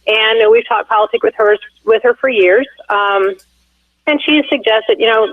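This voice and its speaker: Her voice sits on the high side and moves at normal speed as this woman in her forties, married to the candidate, phones in to an interview. She rambles through a lengthy casual story with many fillers and restarts, over a tinny, dry line with no room sound.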